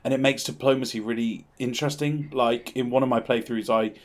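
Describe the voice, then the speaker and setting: A man co-hosting a gaming podcast in loose, rambling chat. He is animated and quick to laugh. His voice sits at an ordinary middle pitch. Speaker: podcast co-host.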